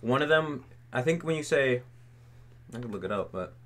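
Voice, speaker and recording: Chatting on a livestream, this young man fields viewer questions in a relaxed, filler-heavy way, saying "like" a lot. He talks at normal speed with lively intonation, and his medium-pitched voice has some brightness.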